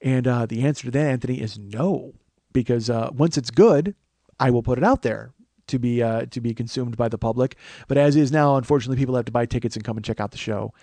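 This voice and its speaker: A man's voice: medium pitch, fast, warm tone, no room sound. A man in his forties hosting a comedy podcast, rambling, self-mocking and crude in casual chat. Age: 40s. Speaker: podcast host.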